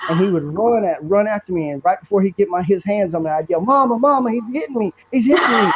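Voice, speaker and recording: A man's voice: high voice, background noise. A young man, a podcast guest, talking earnestly and bluntly in long rambling stories. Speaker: guest, brother of the subject. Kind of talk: emotional storytelling in a podcast interview. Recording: dull lo-fi recording.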